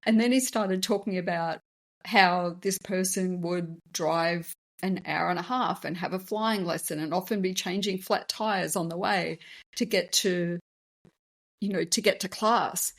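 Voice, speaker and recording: A woman's voice: on the low side, measured pace. A woman hosting a podcast, telling a personal story in a candid, emotional, conversational way. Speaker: podcast host and business founder.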